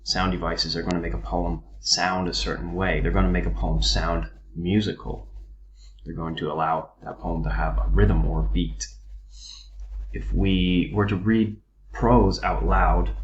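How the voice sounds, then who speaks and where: A very deep-voiced man gives a recorded lesson, explaining slowly and filling pauses with ums and uhs. The sound is a little dull and lo-fi, with faint clicking and writing behind him. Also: reverberant, slight background noise. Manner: unhurried explanatory delivery with frequent ums and uhs. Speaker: teacher.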